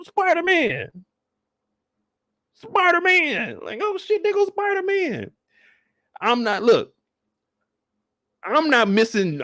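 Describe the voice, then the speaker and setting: High-voiced man on a profane comic rant. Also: no echo, studio quality. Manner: animated, profane, exasperated storytelling. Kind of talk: comedic rant.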